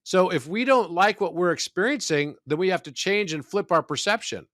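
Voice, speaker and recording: A man who is a podcast guest, talking in a measured, reflective way about spiritual ideas and telling stories. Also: high voice, lively intonation, fairly bright tone, no echo, clean studio sound. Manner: measured, storytelling, philosophical.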